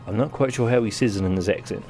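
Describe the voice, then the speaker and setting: A man's voice: fairly low pitch, fast, creaky, dark tone, faint music behind. A man with a New Zealand accent giving casual live-stream commentary while playing a game, chatting to his viewers as he goes. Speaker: gaming streamer.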